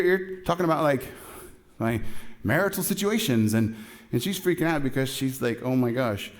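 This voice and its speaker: Middle-aged male pastor, mid-pitched voice, casual storyteller who acts out the dialogue in his sermon. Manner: animated storytelling, acting out both sides of a dialogue; casual, chatty, with many fillers and asides.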